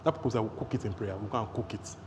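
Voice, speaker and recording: A man with a Nigerian accent preaching a sermon, energetic, breaking into rapid tongues and shouts. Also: fairly low pitch. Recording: long hall reverb, faint noise.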